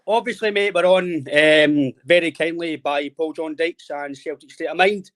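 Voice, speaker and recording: A man in his late twenties hosts a laid-back podcast chat. His voice sits a touch higher than most men's. His delivery is friendly and loose, full of fillers. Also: normal speed, fairly bright tone. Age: 20s. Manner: friendly, rambling, says "mate" constantly. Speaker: podcast host.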